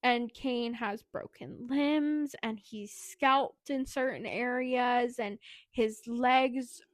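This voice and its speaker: A woman's voice: on the high side, takes it slowly, no room sound, clean studio sound. A woman co-hosting a podcast, casually retelling a book's plot in a chatty way, with plenty of "like" and "anyway". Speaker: podcast co-host. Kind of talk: casual book recap.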